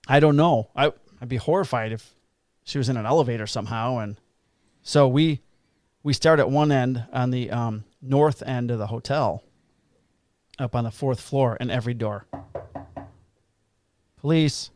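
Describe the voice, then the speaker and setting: A middle-aged man, a police officer, tells a long work anecdote in a loose, rambling way with plenty of swearing. His voice sits at an ordinary pitch and sounds dry and close, with no room around it. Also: normal speed, a little mellow, dry recording. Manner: rambling, profane anecdote telling. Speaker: podcast co-host, police officer. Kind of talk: casual storytelling chat.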